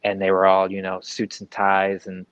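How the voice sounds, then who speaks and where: Low-voiced guy rambling as a guest on a chat show, lots of "like" and "you know", dull, dry lo-fi audio. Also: monotone, moderate pace, clean tone, no room sound. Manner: rambling and conversational, lots of fillers and quoted asides. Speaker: guest comic book creator. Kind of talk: casual interview chat.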